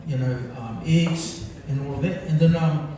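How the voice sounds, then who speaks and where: In a large, booming function hall, a son from New Zealand speaks at a birthday gathering, his mellow, slightly high voice at normal speed. His storytelling wanders and jokes, heavy with fillers. The recording is taken from far back, echoey, with a little background noise.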